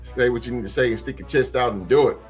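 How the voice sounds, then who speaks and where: A man hosting a sports podcast live, chatting casually with his live chat in a relaxed, repetitive way, speaking. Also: medium pitch, fast, faint music behind. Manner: laid-back, repeats phrases, shouts out chat members.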